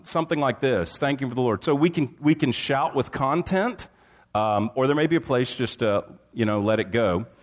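A man, preaching an animated sermon and acting out quoted objections and shouts. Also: mid-range voice. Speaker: pastor.

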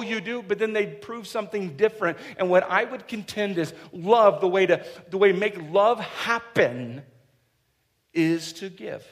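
A man in his thirties preaching a sermon, joking and acting out little quotes as he goes. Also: high voice. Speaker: pastor.

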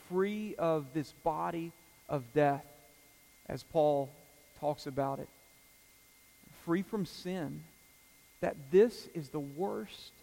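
A man delivering a sermon in a church, his voice a little high for a man and carried by long reverb through the hall. He speaks in an easygoing way, with "um"s and side comments, and slows down when he reads scripture aloud. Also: vocal fry, a little mellow. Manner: conversational preaching with fillers and asides. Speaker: pastor. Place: church sanctuary.

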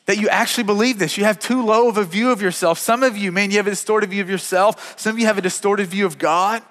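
A man's voice: high-pitched, quick pace, fairly bright tone, big-room sound. A man in his thirties preaching a sermon as a pastor, earnest and often repeating words as he talks.

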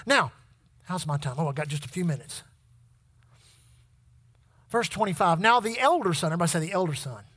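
Preacher, sermon, call-and-response, animated pitch, reads old scripture wording, repeats words. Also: brisk, pauses often, slightly rough. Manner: repeats words and restarts when building up.

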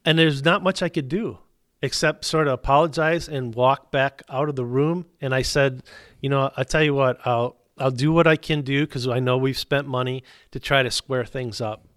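A man's voice: mid-range voice, steady tone, normal speed, a bit bright, no echo, studio quality. A middle-aged man, a business owner telling his faith story as a guest, acting out both sides of the dialogue. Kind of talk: storytelling testimony.

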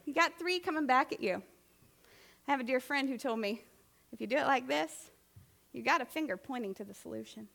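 Casting: high-pitched woman, lay preacher, chatty and animated, keeps checking in with the congregation. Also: brisk, gravelly, pauses often. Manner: conversational, animated, asks the audience questions. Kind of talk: sermon.

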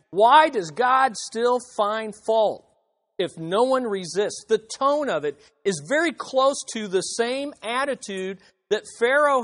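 A man's voice: high voice, a bit bright. A man preaching an expository sermon, emphatic, repeating phrases and acting out the objections he quotes. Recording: reverberant hall.

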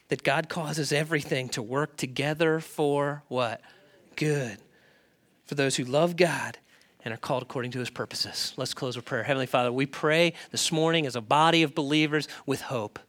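A male pastor preaching a sermon in an animated way, often putting questions to the congregation. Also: medium pitch, moderate pace.

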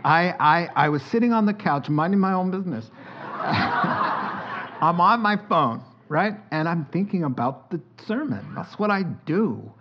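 A man's voice: high voice, unhurried. A middle-aged man preaching a sermon as pastor, telling joking stories and laughing often. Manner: animated, joking storytelling with frequent laughter. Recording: dull sound with faint background hiss.

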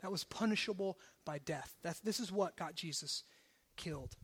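Male pastor, very high voice, sermon delivery with loud emphatic runs and quiet asides. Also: moderate pace, husky. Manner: shifts between forceful emphasis and hushed low asides. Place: church service.

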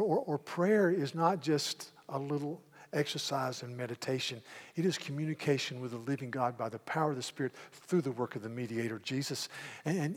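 Male pastor preaching emphatically, restarting in doubled words, set in a reverberant hall. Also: mid-range voice. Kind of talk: sermon.

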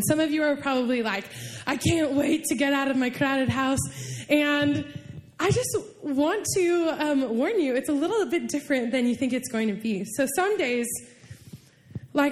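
A young woman giving a casual, emotional sermon, telling personal stories in a chatty way full of "like"s. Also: high voice. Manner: chatty, many "like"s, emotional storytelling. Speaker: preacher.

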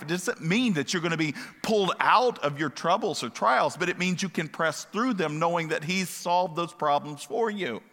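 A man delivers a sermon in a bright, fairly high voice. He keeps it conversational, firing questions at his listeners and drifting into asides. A long reverb from the hall hangs behind every word. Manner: conversational, asks the congregation questions, digresses. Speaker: pastor.

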